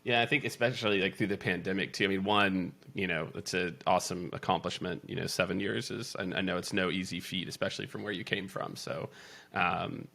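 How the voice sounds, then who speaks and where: A man's voice: sits low, steady tone, fairly quick, creaky, sharp tone. A man hosting a podcast, asking long, rambling questions with many restarts. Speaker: podcast host. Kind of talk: conversational interview.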